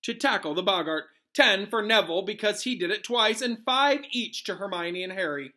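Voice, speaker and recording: A man doing a loud upbeat wizard teacher. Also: high voice, lively intonation, normal speed, voice pushed up. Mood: pleased. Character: brisk encouraging adult male wizard teacher.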